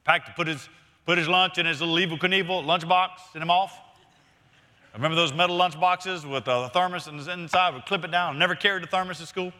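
A middle-aged man preaches in a relaxed, storytelling manner, peppering his sermon with questions to the congregation. His voice is sharply bright and sits a little high for a man. The sound carries a long reverb from a church hall. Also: brisk. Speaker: pastor.

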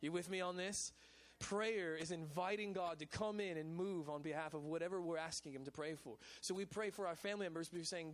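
A male pastor of a college ministry, preaching a lively sermon in a casual, chatty way at a church service. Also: a little high, a little fast, hardly any pauses. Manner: casual and chatty, with repeated "man" and "you know what I'm saying".

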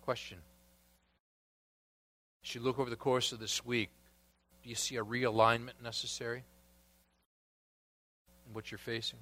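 A man preaching a sermon, asking the congregation questions and dropping to a hushed voice at times. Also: mid-range voice, level tone, moderate pace, pauses often. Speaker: pastor.

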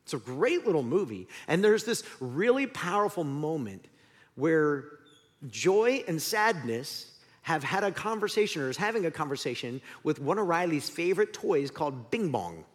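Pastor guy preaching, voice jumps around a lot, kinda high, echoey hall. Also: very animated, normal speed. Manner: candid, self-deprecating storyteller. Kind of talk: sermon. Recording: long hall reverb.

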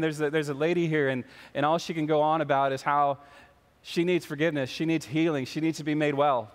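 A man's voice: on the high side, steady tone, quick pace, clean tone, in a large hall. A man preaching a sermon in a church, telling a story and acting out the voices of the people in it. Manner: storytelling, acts out the voices in his anecdotes. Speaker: pastor. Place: church sanctuary.

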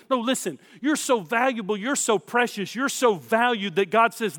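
A man's voice: high voice, moderate pace, a bit bright, long reverb tail. A man preaching a sermon as pastor, emphatic, with repeated phrases, speaking straight to his listeners.

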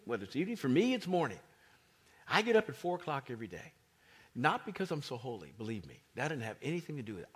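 Husky, animated man preaching. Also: fairly high pitch. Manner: animated preaching that drops into whispers. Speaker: pastor. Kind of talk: sermon.

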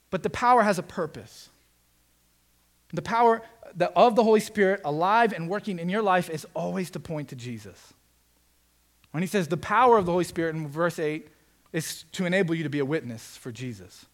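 Animated, conversational male preacher. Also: on the high side, fairly quick. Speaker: pastor. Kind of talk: sermon.

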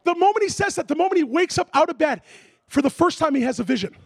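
High raspy-edged guy preaching, funny sound effects, dry mic. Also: fast talker, dry recording. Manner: animated, comic sound effects and voices. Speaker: pastor. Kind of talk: storytelling sermon.

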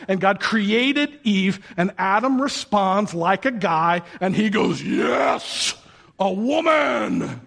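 Male pastor, high voice, upbeat sermon delivery with jokey asides. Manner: lively, joking, bursts into sung and shouted asides.

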